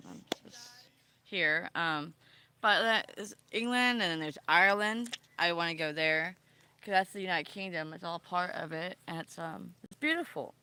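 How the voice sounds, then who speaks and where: Woman, vlogger, bright tone, rambling casual chat, lots of ums and pauses. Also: fairly low pitch, smooth. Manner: meandering, many ums and trailing pauses.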